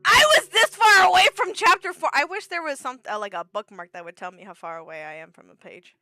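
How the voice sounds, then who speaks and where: Bright, lively woman streamer. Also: sits high, fairly quick, soft background music. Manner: laughing, excitable, shouts in reactions. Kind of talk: casual game streaming with reading aloud.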